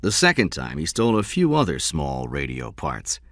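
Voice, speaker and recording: A man's voice: rumbling low, huge pitch swings, normal speed, a bit bright, no echo, studio quality, heavily acted. A man reading an audiobook, voicing a puzzled police detective who muses aloud. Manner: musing, wondering.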